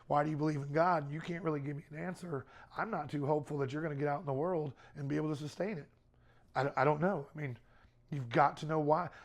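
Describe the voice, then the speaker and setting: A middle-aged man speaking to a youth group in a casual, conversational way, often repeating words and using fillers. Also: fairly high pitch.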